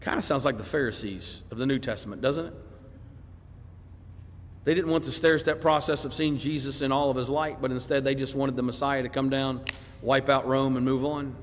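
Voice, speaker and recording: Animated preacher in a reverberant church. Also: male voice, mid-range voice, moderate pace, slight background noise. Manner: animated, swings between loud emphasis and quiet asides; acts out congregants' voices mid-sermon. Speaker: preacher teaching a Bible class. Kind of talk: sermon. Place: church sanctuary.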